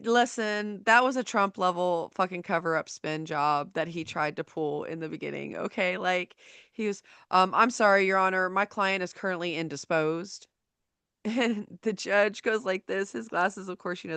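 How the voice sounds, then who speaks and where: Bright, profane storytelling woman. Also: fairly low pitch, normal speed, creaky, clean tone, no room sound. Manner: profane, animated, laughing while telling a courtroom story. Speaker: podcast host; paralegal. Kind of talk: casual storytelling.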